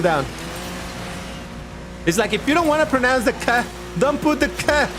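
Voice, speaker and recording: A man's voice: very high voice, sing-song, a little fast. A man hosting a casual gaming live stream, chatting in a rambling way and answering his viewers' chat aloud as he plays. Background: faint background music.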